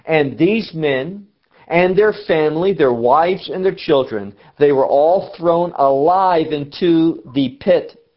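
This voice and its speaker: Slow, measured male preacher. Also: fairly high pitch. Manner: slow, measured reading with dramatic pauses. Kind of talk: sermon reading and explaining scripture. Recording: dull lo-fi recording.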